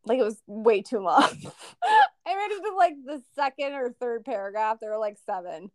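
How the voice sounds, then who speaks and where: A young woman with a high voice that jumps all over the place, trading casual talk as a podcast co-host. She laughs a lot and packs her sentences with filler words. The sound is close and dry, with no room around it. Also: moderate pace, no room sound. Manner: animated, laughing, frequent "like" fillers. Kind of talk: casual chat.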